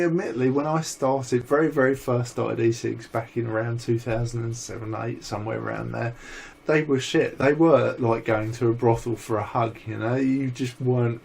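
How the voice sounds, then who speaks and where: A man co-hosting a casual vlog chat, rambling and swearing freely as he tells animated stories. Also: medium pitch, vocal fry, breathy edge. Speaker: vlog co-host.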